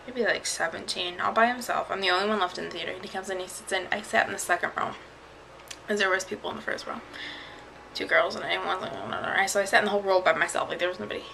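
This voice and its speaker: A woman's voice: mid-range voice, steady tone, fast, creaky, pushed and bright, slight background noise, poor audio. A woman vlogging casually, chatty and rambling as she tells a story, often laughing. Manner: chatty, rambling, laughs while telling stories.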